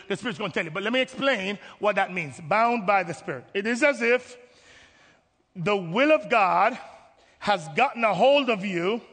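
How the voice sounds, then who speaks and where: A man preaching a sermon as pastor, animated, acting out voices and swinging from hushed tones to shouting. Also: high voice. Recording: long hall reverb.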